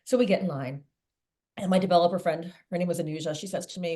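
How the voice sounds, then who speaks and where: A middle-aged woman, a sales veteran interviewed as a guest, telling a long anecdote in a lively way. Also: lowish voice, fast. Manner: lively storyteller, acts out quoted voices.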